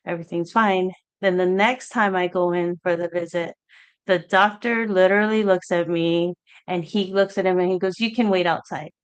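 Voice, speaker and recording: A woman telling her own story on a live talk show, earnest and halting, acting out old conversations as she goes. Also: on the low side, steady tone, clear, resonant tone. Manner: halting, earnest, reenacts past talk in quotes. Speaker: guest sharing her story.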